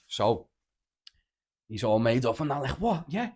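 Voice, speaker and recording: A man's voice: mid-range voice, huge pitch swings, slow, creaky, slightly rough. A man with a Liverpool accent hosting a casual podcast, telling rambling, sweary stories and saying "lad" constantly. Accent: Liverpool (Scouse). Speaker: podcast host. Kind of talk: casual chat, storytelling.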